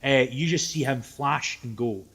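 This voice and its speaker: Game-master narrator, male, mid pitch, animated with loose asides. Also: moderate pace, breathy edge. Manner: lively, laughs often, loose asides.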